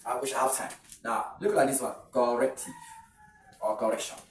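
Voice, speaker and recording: A male English teacher giving an exam-prep pronunciation lesson, repeating words slowly with frequent hesitant fillers. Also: mid-range voice, steady tone. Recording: roomy sound from a distant mic with faint noise.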